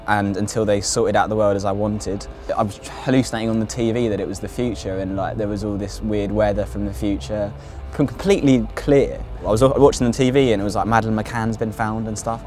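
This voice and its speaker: Young man, lowish voice, casual filler-heavy testimony over faint music. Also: darkish tone. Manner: casual, sweary, lots of likes and fillers. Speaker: interviewee recounting his own psychosis. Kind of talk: candid documentary testimony.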